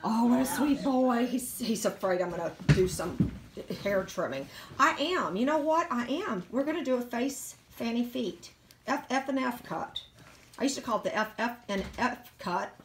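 Doting woman, lively voice. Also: a little high, normal speed, a little hiss or hum. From Virginia, USA. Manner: gushing, doting baby talk to a dog. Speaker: dog breeder. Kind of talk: casual home video chat.

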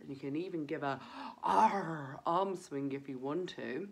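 A woman leading a children's breathing lesson, talking gently and encouragingly straight to the kids. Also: sits low, normal speed.

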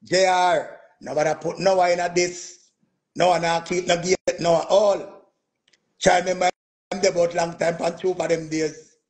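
A Jamaican man, a music performer, telling a boastful story in an animated, casual rant, dropping "man" and "yo" and laughing as he goes. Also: sits high, moderate pace.

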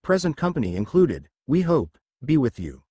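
A man voicing a wise old centaur teacher who speaks in a measured, solemn way. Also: fairly high pitch, very animated, warm tone, slightly rough, no room sound.

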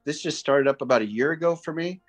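A man's voice: fairly high pitch, quick pace, faint music behind. Earnest man sharing on a call. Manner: earnest, hesitant, with fillers. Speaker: participant sharing a topic. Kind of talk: casual group video call. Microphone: video call.

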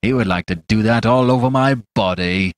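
A man's voice: fairly low pitch, moderate pace, dry recording, clean studio sound, natural voice. A man voicing a coarse, bullying stranger who mocks his companion in a raised, jeering voice. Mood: taunting. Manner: mocking, taunting, loud. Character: coarse, bullying small pale male stranger.

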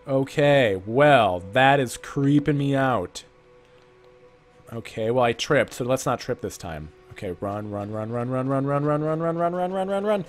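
An excitable man narrates a creepy game as he plays it, drifting into playful asides about a made-up camping trip. Whenever danger shows up he panics, firing off rapid repeated commands at the screen. His voice sits at an ordinary middle pitch for a man. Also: faint music behind. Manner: playful self-talk, rambling asides. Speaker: let's play gamer. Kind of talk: gameplay commentary with improvised backstory.

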